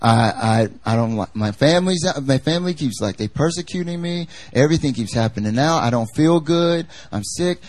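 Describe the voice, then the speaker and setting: A man's voice: medium pitch, expressive, moderate pace, hardly any pauses, a little mellow, lightly acted. A preacher voicing a broke, grumbling man who is sure the world is against him, complaining in an exasperated way.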